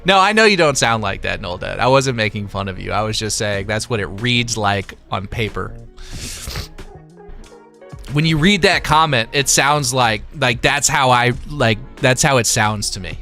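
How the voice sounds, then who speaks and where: A man's voice: mid-range voice, lively intonation, moderate pace, bright, forceful tone, soft background music. A young man hosting a live stream, reading chat and donations aloud in a laid-back, chuckling way. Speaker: livestream host reading chat.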